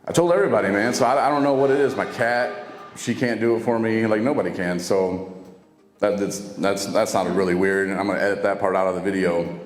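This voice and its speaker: A low-pitched man tells his personal story in a relaxed, conversational way, slipping into the voices of people he quotes. His voice rings through a roomy space with a long, lingering reverb. Soft music plays faintly underneath. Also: a little fast. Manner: casual, conversational, acts out quoted dialogue. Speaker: podcaster telling his recovery story.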